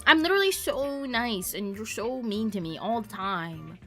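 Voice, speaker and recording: A young woman from Canada, a streamer chatting casually with her viewers, playful and teasing, quick to laugh and trade mock insults. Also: mid-range voice, lively intonation, over music. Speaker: variety streamer. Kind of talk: casual chat reading stream chat.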